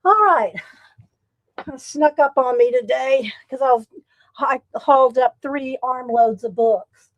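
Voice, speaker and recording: Greeting viewers by name and laughing often, a woman chats through a casual home livestream. She speaks slowly with long pauses in a high-pitched voice, and her desktop USB mic gives dull audio with no echo.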